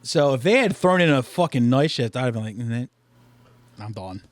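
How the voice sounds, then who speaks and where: A man's voice: mid-range voice, expressive, brisk. A man hosting a podcast in casual chat, talking loosely with lots of swearing and fillers. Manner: loose and profane, many fillers. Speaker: podcast host.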